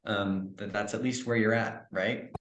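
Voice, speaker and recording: A man's voice: on the low side, fairly even intonation, measured pace, a bit bright, roomy sound. A man coaching on relationships in a podcast interview, earnest and reflective, acting out little example dialogues. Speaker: trauma coach, podcast guest.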